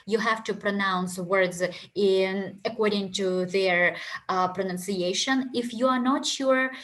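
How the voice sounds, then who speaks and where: A woman with a Ukrainian accent leads an online English exam prep class. She talks in a chatty way, full of fillers and asides, at an everyday middle pitch. She speaks into a headset mic. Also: steady tone, unhurried, fairly bright tone. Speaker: English test prep teacher.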